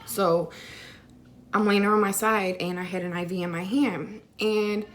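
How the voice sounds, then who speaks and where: A woman's voice: medium pitch, steady tone, a little slow. A young woman vlogger casually telling a personal story to camera, filling her talk with "like" and "you know.". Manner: chatty, many fillers like "like" and "you know".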